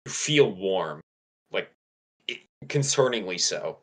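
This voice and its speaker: A man narrating as game master in a relaxed, hesitant way, with many filler words. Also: low-pitched, slow, husky.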